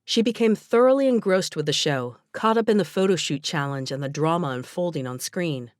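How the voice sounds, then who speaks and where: A woman's voice: low-pitched, expressive, a little fast, few pauses, no echo, studio quality. Woman narrating a teen romance audiobook. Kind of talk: scripted narration.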